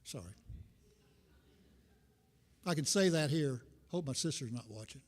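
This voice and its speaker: A man's voice: on the high side, expressive, unhurried, a little mellow. An older man giving a rambling, folksy sermon as a visiting minister, with self-deprecating humor. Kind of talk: informal sermon. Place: church sanctuary. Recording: long reverb from a church hall.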